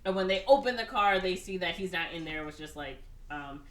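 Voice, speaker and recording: A woman co-hosting a podcast, casually retelling a movie plot with swearing and quick bits of put-on character voices. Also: lowish voice. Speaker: podcast co-host. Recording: echoey room, voice a bit far from the mic, faint background noise.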